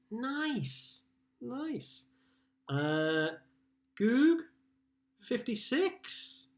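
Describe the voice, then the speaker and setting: A man from Liverpool hosting a casual live-streamed pub quiz from home, chatting and greeting players by name as he reads out their scores. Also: medium pitch. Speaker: quiz host.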